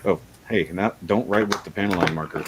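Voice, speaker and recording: A man's voice: low-pitched, brisk, noisy background. A man hosting a casual livestream chat, rambling and laughing often. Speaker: livestream host.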